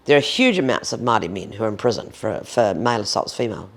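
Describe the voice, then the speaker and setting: A woman's voice: a bass voice, lively intonation, fast. A woman in her fifties with a New Zealand accent, speaking bluntly and emphatically in an interview, swearing freely. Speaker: interviewee, domestic violence advocate. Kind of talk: candid conversational interview.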